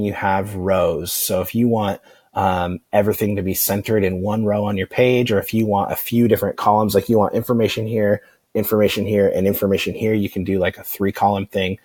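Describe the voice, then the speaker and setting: A man talks through a screen-recorded software tutorial in an easygoing, meandering way, often pausing with "um" and restarting his sentences. His voice sits on the low side, and the recording is close and dry. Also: breathy edge, no echo. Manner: relaxed, rambling, many fillers and restarts. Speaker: online marketing instructor.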